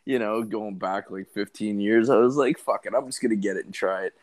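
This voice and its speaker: A man, co-hosting a podcast with relaxed, swearing banter. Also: on the low side, a little fast. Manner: laid-back, nostalgic banter with swearing. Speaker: podcast co-host. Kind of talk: casual podcast chat.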